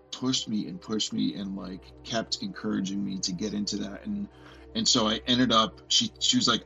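A man in his forties telling a personal story as a podcast guest, earnest and halting, often restarting and filling with "like". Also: fairly low pitch, vocal fry, bright, forceful tone, lo-fi sound. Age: 40s.

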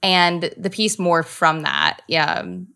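A woman's voice: lowish voice, very animated, slow pace, sharp tone, clear, resonant tone. A woman in her thirties, a comedic actor, chatting animatedly as an interview guest and laughing often. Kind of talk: casual interview chat.

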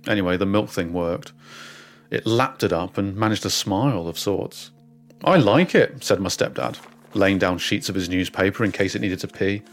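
A man narrating a comic first-person story with a deadpan, wry delivery and dry asides. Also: low-pitched, moderate pace.

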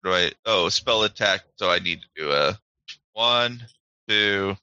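A man with a low but very bright voice thinks aloud while playing a tabletop game. His sound is dry, dull and lo-fi. He works step by step through sums of damage. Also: unhurried, smooth, dry recording. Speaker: player.

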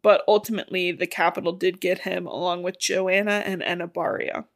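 A woman's voice: on the low side, fairly quick, creaky. A woman co-hosting a podcast, casually retelling a novel's plot in a chatty way with the odd swear word. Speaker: podcast co-host. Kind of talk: casual book recap chat.

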